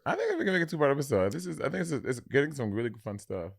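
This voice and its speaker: A man's voice: mid-range voice, sing-song, rapid-fire, vocal fry, slightly rough, no echo. Teasing man co-hosting a podcast. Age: 30s. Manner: teasing, laughs often. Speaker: podcast co-host. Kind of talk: casual chat.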